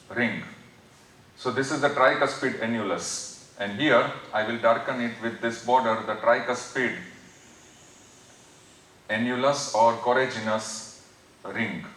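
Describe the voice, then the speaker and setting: A man with an Indian English accent giving an anatomy lecture, explaining slowly and repeating terms as he draws. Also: medium pitch, a bit bright. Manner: slow, repetitive explaining while drawing. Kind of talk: recorded medical lecture. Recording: roomy, distant mic.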